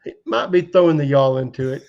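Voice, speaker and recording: A man's voice: a little high, lively intonation, a little fast, gravelly, muffled recording. A man joining a livestream as a guest, chatting in a colorful, folksy, joking way. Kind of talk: casual chat on a livestream.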